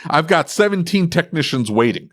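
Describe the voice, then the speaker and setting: A man's voice: on the high side, big pitch swings, normal speed, no echo, clean studio sound. A man co-hosting a podcast, ranting sarcastically about customers in casual chat. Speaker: podcast co-host, repair shop owner.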